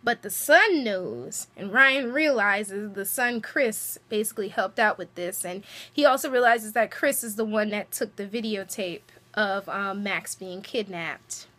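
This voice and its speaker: A woman giving a chatty, animated recap of a TV episode, with lots of fillers and asides. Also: medium pitch, measured pace, few pauses.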